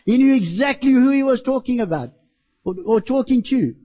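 A high-pitched man delivers a sermon with emphatic, repeating phrases, dropping into dramatic quoted voices. The recording is dull and lo-fi, like an old church tape. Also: expressive, moderate pace. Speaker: pastor.

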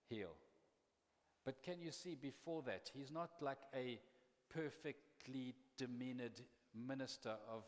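An earnest male preacher delivers a sermon in a conversational, often animated way. His voice sits a little high. The church hall adds a long, lingering reverb.

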